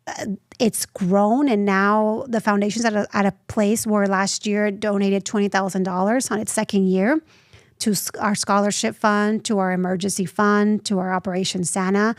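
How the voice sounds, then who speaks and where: A woman in her thirties, a nonprofit founder telling her story as an interview guest, lively and acting out the voices she quotes. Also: mid-range voice, dry recording, studio quality. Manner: animated, acts out quoted voices.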